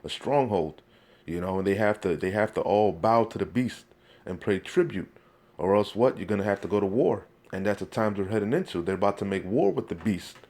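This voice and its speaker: A man's voice: on the low side, lively intonation, brisk, a little mellow. A man preaching, reading Bible verses aloud and then commenting on them in a heated, denouncing way, again and again asking "you see?". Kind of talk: street-style scripture preaching.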